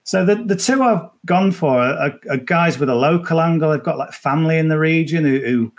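A man's voice: a little high, fairly quick. A man chatting casually as a golf betting guest on a podcast, rambling with many restarts and fillers. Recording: remote, at the tournament venue.

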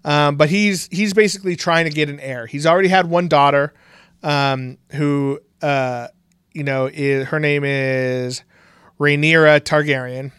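Rambling man recapping a show, smooth voice. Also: fairly even intonation, measured pace, fairly bright tone, no echo, clean studio sound. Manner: rambling, many fillers and restarts, breaks into mocking high voices for quotes. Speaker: podcast co-host. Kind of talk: casual fan chat recapping a TV series.

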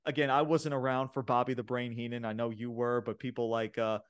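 A man co-hosting a wrestling podcast, recapping the show in casual chat, excitable and full of fillers and laughs. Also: medium pitch, a little fast, clean tone. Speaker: podcast co-host reviewing wrestling.

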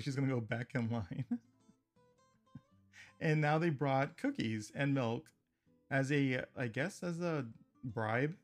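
A man hosting a podcast, casually recapping a cartoon episode. He is chatty and laughs often between remarks. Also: medium pitch. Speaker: podcast host.

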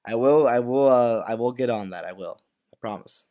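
A podcast co-host with a mellow mid-range voice chats casually at normal speed, recapping things in loose sentences full of "like" and restarts.

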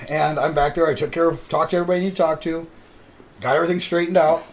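A man hosting a podcast, chatting casually and telling stories with animated delivery. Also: fairly high pitch, rapid-fire, gravelly, slight background noise. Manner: animated storyteller. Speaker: podcast host. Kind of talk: casual chat.

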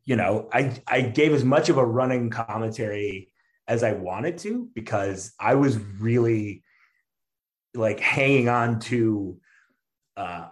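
A man's voice: medium pitch, takes it slowly. A man telling a story in casual chat, full of fillers and restarts, laughing often and acting out what people said. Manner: animated storyteller, acts out quotes, laughs often. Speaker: stand-up comedian guest.

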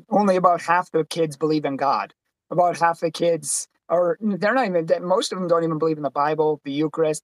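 Guy hosting a livestream, kinda high voice, dry close sound, chatty storyteller. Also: no room sound. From Boston, USA. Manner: chatty storyteller, acts out quotes in higher voice. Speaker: podcast host. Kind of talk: casual livestream chat.

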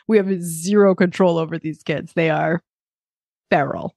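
A woman in her thirties, co-hosting a podcast and telling a lively story in a casual chat. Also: on the low side, a little fast, no room sound, clean studio sound. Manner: animated storyteller, acts out kids and herself. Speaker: podcast co-host.

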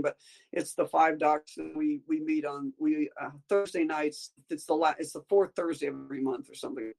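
A woman's voice: sits low, darkish tone, poor audio. A woman appearing as a guest doctor in a casual interview, talking in a chatty, meandering way that jumps between topics.

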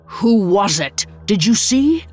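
A woman voicing an anxious old male advisor, lowering her voice into a gruff tone. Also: sing-song, slow, a little mellow, soft background music. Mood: concerned.

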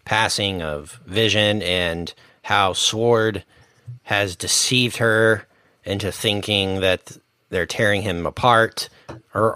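A man co-hosting a casual podcast chat, talking with excited bursts and plenty of fillers. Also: low-pitched, smooth, no room sound. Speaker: podcast co-host. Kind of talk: casual chat about movies.

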